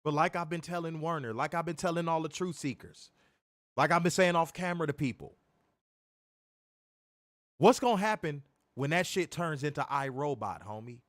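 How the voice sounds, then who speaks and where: A man's voice: a little high, normal speed, pauses often, no echo, studio quality. A man co-hosting a wrestling review show, talking in loose, profane banter and mimicking voices. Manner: animated, mimics voices, swears a lot. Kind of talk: casual profane podcast banter.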